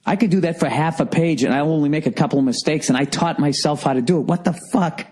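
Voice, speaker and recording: A man's voice: on the high side, quick pace, darkish tone, slightly rough. A man hosting a podcast alone, ranting in an exasperated, profane solo monologue. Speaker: podcast host. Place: alone in a room.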